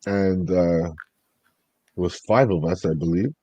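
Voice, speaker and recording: A man's voice: low-pitched, takes it slowly, dark tone, dry recording. A man co-hosting a podcast, telling stories in casual chat, swearing freely and acting out both sides. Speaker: podcast co-host.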